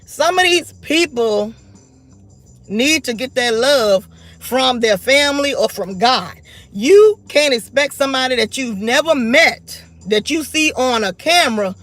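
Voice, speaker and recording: A woman's voice: high voice, lively intonation, unhurried, a bit bright. Blunt, defiant woman in her forties ranting. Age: 40s. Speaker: vlogger. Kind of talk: unscripted rant to camera.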